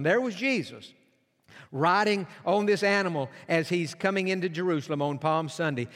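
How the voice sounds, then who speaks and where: High-voiced preacher in a reverberant sanctuary. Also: male voice, a bit bright. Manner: earnest storytelling preacher. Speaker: pastor. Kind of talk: sermon. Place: large church sanctuary. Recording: long reverb of a big sanctuary.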